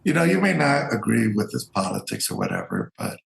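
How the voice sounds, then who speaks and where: A man's voice: lowish voice, a little fast, creaky. A man, an Air Force veteran, telling stories as an interview guest and acting out the voices of people he quotes. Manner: animated storyteller, acts out quoted voices. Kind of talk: casual storytelling interview. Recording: roomy echo.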